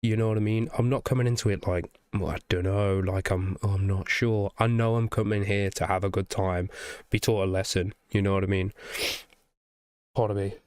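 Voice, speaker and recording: In a fairly low, smooth, slightly mellow voice with little pitch movement, a young music reaction YouTuber chats a little fast, nasal and congested from the flu. He rambles enthusiastically and casually, swears, and favors "you know what I mean?", in a dry, studio-quality recording.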